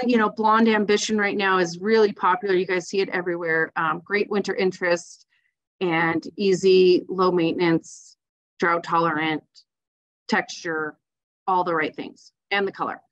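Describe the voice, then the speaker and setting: A woman's voice: medium pitch, steady tone, moderate pace. A woman giving a casual, enthusiastic slideshow talk as a landscape design presenter, chatty with lots of fillers. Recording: dull lo-fi sound.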